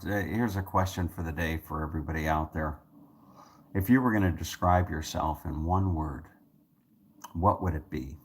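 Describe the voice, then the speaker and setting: A man's voice: extremely low pitch, slightly rough. A man talking casually to his viewers in a rambling monologue, with many restarts, repeated words and joking asides. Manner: joking, self-amused asides. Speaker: vlogger.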